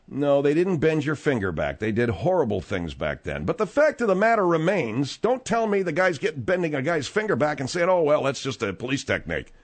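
A man's voice: a little high, sing-song, brisk, few pauses. A man hosting a talk radio show, speaking in a blunt, conversational way.

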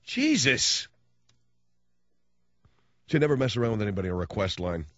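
Animated, rambling male radio host. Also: fairly low pitch, rapid-fire, no echo. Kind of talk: casual storytelling monologue. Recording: dull dry radio studio sound.

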